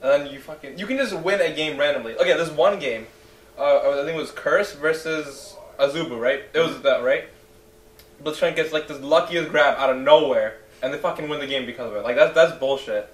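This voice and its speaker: A man's voice: on the high side, a little fast. A young man co-hosting a gaming podcast, blunt and swearing as he complains about a game character. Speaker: podcast co-host. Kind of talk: casual gaming podcast chat. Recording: echoey room, distant mic, faint noise.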